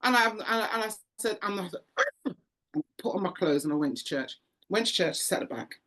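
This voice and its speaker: A woman's voice: medium pitch, brisk. A woman guest sharing an emotional faith testimony in an interview, telling her story with lots of repetition and acting out the voices in it. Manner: animated storyteller, acts out voices, frequent repetitions.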